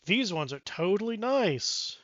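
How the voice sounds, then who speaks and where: A man plays a sheepish young man who shrugs off blame with rambling, wry sarcasm, a touch softer than his usual voice. It is heard through a dull, dry, lo-fi recording. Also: high voice, sing-song, unhurried, dry recording, pitched above the performer's own voice, exaggerated voice. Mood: sarcastic.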